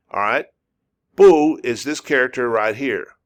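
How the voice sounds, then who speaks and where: A man gives a relaxed spoken lesson in a middle-pitched voice, slowly drawing out and repeating single syllables. He pauses often with "uh" while he finds his words. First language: English. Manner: repetitive, drawn-out demonstrations of syllables with frequent fillers. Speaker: language teacher.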